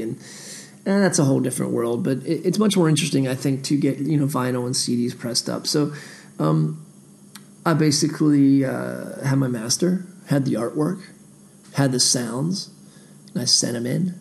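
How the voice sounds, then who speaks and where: A man's voice: mid-range voice, normal speed. A man, an independent musician, talking through his memories in a digressive, self-deprecating casual monologue. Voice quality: gravelly.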